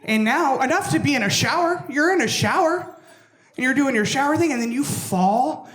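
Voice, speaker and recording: A woman's voice: animated, normal speed. Brash woman doing stand-up in a roomy club. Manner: brash, swearing, acts out voices with big pitch jumps. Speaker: stand-up comedian. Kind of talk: stand-up routine. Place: comedy club stage with laughing audience.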